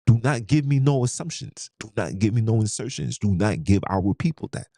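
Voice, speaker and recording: Fired-up preachy man, deep and dark. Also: lively intonation, fairly quick, a little hiss or hum. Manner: preachy, fired-up, hammering rhetorical questions; streetwise slang. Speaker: podcast host. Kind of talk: impassioned monologue.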